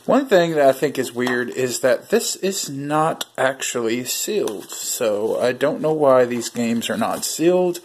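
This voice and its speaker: A man hosts a casual unboxing vlog and chats directly to his viewers as he pulls items from the box. His voice sits at an ordinary middle pitch, with the easy tone of someone talking through what he is doing. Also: lively intonation, unhurried, hardly any pauses, husky. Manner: chatty, talks to viewers while handling items. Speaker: video host.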